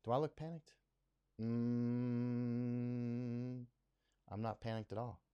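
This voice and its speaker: A man's voice: mid-range voice, slow pace, dark tone, clean tone, muffled recording. A middle-aged man hosting a live stream, talking bluntly and emphatically, often repeating himself to drive a point home. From United States. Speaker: livestream host. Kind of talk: unscripted live commentary.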